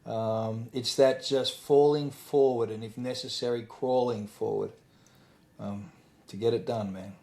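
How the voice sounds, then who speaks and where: A man's voice: mid-range voice, fairly even intonation, a little slow, gravelly, darkish tone. A man with an Australian accent, talking as a podcast guest in a blunt, easygoing way and swearing casually. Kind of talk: casual chat.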